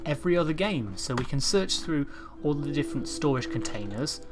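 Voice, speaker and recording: A young man narrates a game in a jokey, sweary let's-play style. His reactions are animated, and faint music plays under his voice. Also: on the high side, fairly quick. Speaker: gaming YouTuber.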